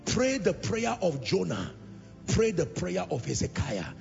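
A male preacher delivering an impassioned sermon, repeating lines and swelling into shouts and half-sung phrases. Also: sits high, big pitch swings, a little slow, gravelly. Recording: reverberant hall, dull lo-fi sound, music behind.

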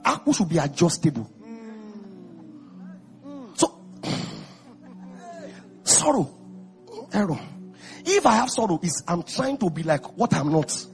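A Nigerian man preaching with a very high, gravelly voice that leaps all over its range. He calls out to the congregation and often shouts. Soft music plays behind him. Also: very animated, slow pace, long pauses. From Ekiti, Nigeria. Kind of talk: lively sermon.

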